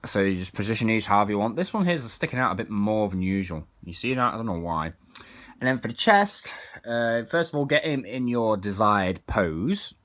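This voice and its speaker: A man's voice: on the low side, animated, normal speed, fairly bright tone. A man casually reviewing an action figure, chatting as he demonstrates its parts. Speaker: toy reviewer.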